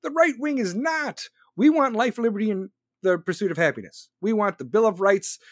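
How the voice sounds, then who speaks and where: A man's voice: high voice, animated, moderate pace, no echo, studio quality. A man hosting a podcast, delivering a sarcastic, profanity-laced political rant. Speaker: podcast host.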